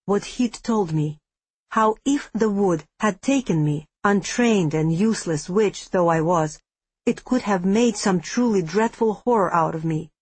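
Husky woman reading a fantasy audiobook. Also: medium pitch, no echo. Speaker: audiobook narrator. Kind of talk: first-person fantasy audiobook narration.

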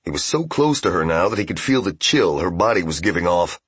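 Husky low-voiced male audiobook narrator. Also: brisk, no room sound. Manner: steady, even storytelling.

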